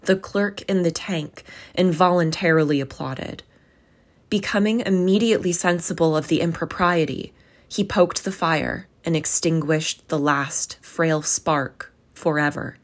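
A woman reads a classic tale aloud at an unhurried pace, with measured, expressive narration. Her voice sits slightly low for a woman. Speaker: audiobook narrator. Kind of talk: storybook narration.

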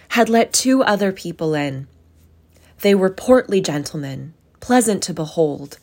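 A woman narrating a classic story as a hobby reader, in a measured, expressive reading style. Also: on the low side. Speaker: audiobook narrator.

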